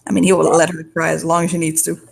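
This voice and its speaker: A player with a gravelly edge describes what a character does in a casual role-play. The narration is soft and unhurried, at a middle pitch. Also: completely flat delivery.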